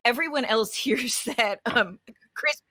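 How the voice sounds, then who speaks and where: A woman narrating as game master of a tabletop game, slow and halting with many fillers. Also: a little high, bright, forceful tone.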